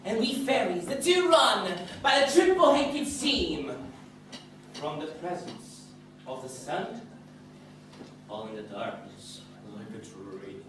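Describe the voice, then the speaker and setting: A woman playing the mischievous fairy Puck, speaking Shakespeare verse slowly in a lively sing-song on a live stage. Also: lowish voice. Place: theatre stage, audience filming. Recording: echoey hall, mic far off, noisy.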